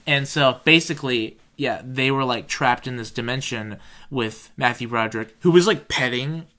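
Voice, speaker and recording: A man's voice: mid-range voice, moderate pace, sharp tone. A young adult man hosting a podcast, telling stories in rambling casual chat full of filler words and swearing. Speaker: podcast host.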